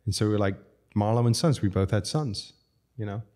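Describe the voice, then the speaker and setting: A restaurateur from outside the United States guests on a casual podcast, telling rambling, self-mocking stories about running restaurants. He speaks a little fast in a warm, lowish voice.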